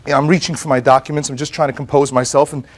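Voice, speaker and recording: An American man testifying as plaintiff in a TV courtroom, telling his story in an animated way, acting out quotes and repeating words as he goes. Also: mid-range voice, very fast.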